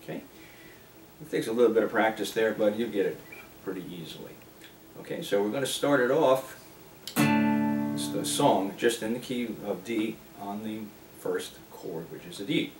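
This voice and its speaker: A man's voice: lowish voice, expressive. A man teaching a guitar lesson, explaining chords and strumming while he plays, sometimes singing a line. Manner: unhurried, explains while playing, breaks into singing. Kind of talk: relaxed guitar lesson, talking and singing along. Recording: roomy sound, mic at a distance, loud guitar. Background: his own guitar playing.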